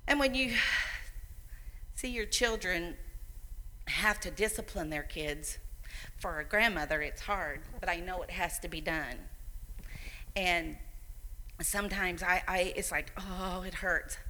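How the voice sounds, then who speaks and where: A woman's voice: on the low side, a little slow, long pauses, bright, forceful tone, a little hiss or hum, low-quality recording. An older woman, a grandmother, speaking informally into a handheld microphone at a church service, chatty and rambling with frequent laughs. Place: church hall.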